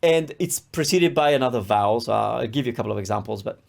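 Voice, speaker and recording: A man's voice: mid-range voice, expressive, fast, vocal fry. A man from Italy, teaching a language lesson and patiently repeating syllables for the learner. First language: Italian. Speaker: Italian teacher.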